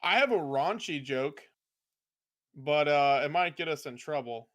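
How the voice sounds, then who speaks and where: A man's voice: fairly high pitch, expressive, unhurried, fairly bright tone. A man co-hosting a podcast, chatting casually and playfully telling jokes. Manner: playful, laughs at his own jokes. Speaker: podcast co-host.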